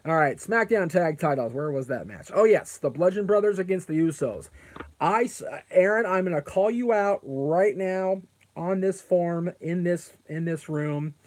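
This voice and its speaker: A man's voice: sits high, lively intonation, moderate pace, a little mellow. Rambling man hosting a live stream. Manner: rambling, answers chat comments aloud; frequent fillers and self-corrections. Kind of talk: casual live-stream chat.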